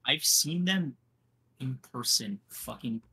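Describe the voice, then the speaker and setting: A man's voice: medium pitch, lively intonation, slow pace, sharp tone, husky. A young man co-hosting a podcast, chatting casually with viewers and trash-talking in brash, profane banter. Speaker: podcast co-host. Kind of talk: casual livestream chat.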